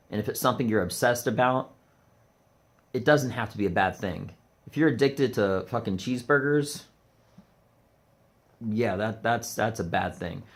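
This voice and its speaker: A man with a somewhat low voice rants to camera in a loose comedy vlog. He rambles, restarts his sentences and leans on fillers, then punches his points hard.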